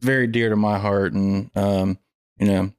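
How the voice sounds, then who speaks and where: Young male host, halting reflective chat, smooth voice, dry close mic. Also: on the low side, fairly even intonation, no room sound. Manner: halting, with many pauses and fillers. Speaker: podcast host.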